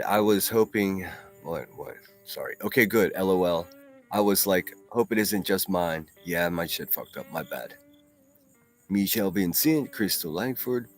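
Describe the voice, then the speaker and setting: A man's voice: low-pitched, darkish tone. A man hosting a casual solo livestream, reading viewer comments aloud and talking bluntly with plenty of profanity. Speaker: livestream host.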